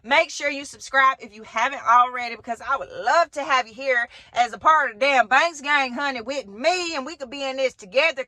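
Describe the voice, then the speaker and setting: A woman tells a family storytime straight to camera, animated and full of slang and the odd curse. Her voice is bright and forward. The sound is dry and close, with no room around it. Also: high voice, a little fast, hardly any pauses, no room sound. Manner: animated, talks straight to viewers with slang and swearing. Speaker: vlogger. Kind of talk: storytime vlog.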